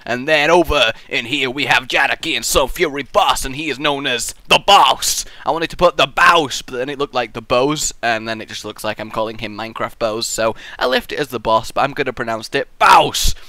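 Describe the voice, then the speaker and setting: A man hosting a building contest and giving live game commentary, full of goofy rambling tangents and excitable outbursts. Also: medium pitch, a little fast, hardly any pauses, dry recording.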